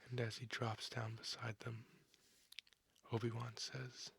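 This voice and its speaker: A man reading a comic aloud in a slow, hushed ASMR style on a binaural microphone, with many fillers. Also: medium pitch, monotone, creaky, husky, dry recording. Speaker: comic reader.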